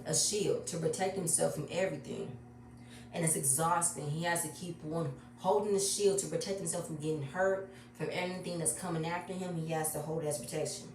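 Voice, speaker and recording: A chatty woman recaps a reality show episode with a low voice, emotional and repeating herself. She sits back from the mic in an echoey room. A faint hum runs underneath. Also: darkish tone, far from the mic. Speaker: reality TV reviewer.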